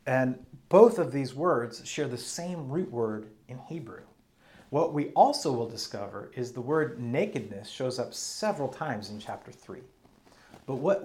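A man's voice: mid-range voice, a little mellow. A man preaching a teaching sermon, reading passages aloud and then explaining them step by step.

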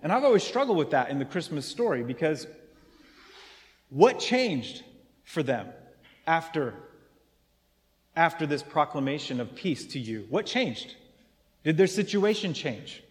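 Male pastor, sermon, fairly high voice, questions the congregation, repeats key lines, long church reverb. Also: very animated, a little slow, long pauses. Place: church sanctuary.

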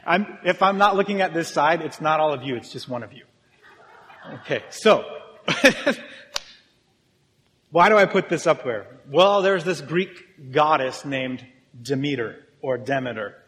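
Joking pastor in a reverberant hall. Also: male voice, fairly high pitch, lively intonation, measured pace, long pauses, a bit bright, slight background noise. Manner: casual, joking, talks with the congregation. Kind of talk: sermon. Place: church hall with audience.

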